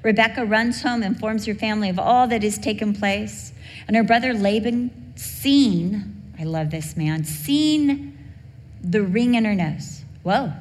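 Brief: middle-aged woman preacher, heartfelt storytelling, mid pitch, big room. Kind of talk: sermon with personal story. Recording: long hall reverb, faint background hum.

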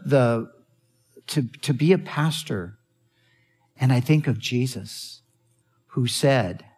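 A man's voice: mid-range voice, darkish tone, breathy edge. A man preaching a sermon as a pastor, earnest, repeating phrases and restarting sentences.

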